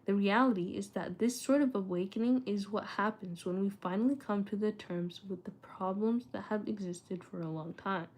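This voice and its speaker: There's slight background noise as a young study vlogger, her mid-range voice a little mellow, talks at a moderate pace with hardly any pauses. Retainers in her mouth slightly thicken her speech while she chats, mutters to herself, and reads a book aloud, stumbling and restarting.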